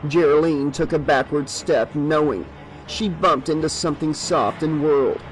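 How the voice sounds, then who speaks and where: Male horror audiobook narrator, measured and steady, slightly high-pitched. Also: rough recording.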